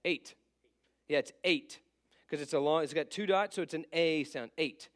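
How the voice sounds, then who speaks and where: A man teaching, fairly high-pitched. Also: fairly quick. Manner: patient, stops to fix slips and apologizes; asks the class questions and answers them himself. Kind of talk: casual classroom teaching.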